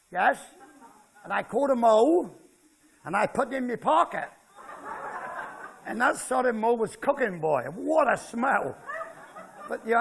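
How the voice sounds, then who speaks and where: A man's voice: high-pitched, vocal fry, a bit bright, slightly rough. An older man with a West Country Devon accent, telling jokey country stories to a live audience and keeping them involved as he goes. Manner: chatty, jokey, keeps checking in with listeners. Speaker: author giving a talk. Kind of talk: humorous storytelling to a live audience. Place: festival talk before a seated audience.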